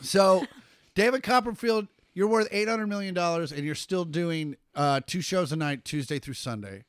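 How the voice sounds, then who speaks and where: A man's voice: high voice, moderate pace, clear, resonant tone, dry recording, clean studio sound. A man co-hosting a casual podcast, telling rambling, mocking stories with a good deal of swearing. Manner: laid-back storytelling, swearing, mocking. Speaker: podcast co-host. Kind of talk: casual chat.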